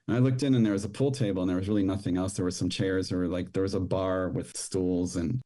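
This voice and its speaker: Low, dark-voiced man recounting. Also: steady tone. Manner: plain, halting storytelling with fillers. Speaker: podcast guest. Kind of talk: personal testimony.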